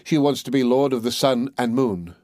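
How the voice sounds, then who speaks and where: A man's voice: medium pitch, normal speed, darkish tone, no room sound, clean studio sound, lightly acted. A man reading the part of a timid, humble fisherman who speaks in a fearful, pleading way.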